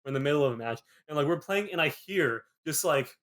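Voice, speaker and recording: A young man hosting a podcast, telling a story in a rambling casual way, filling every pause with "like". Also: a little high. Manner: rambling, peppered with "like", animated retelling. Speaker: podcast host.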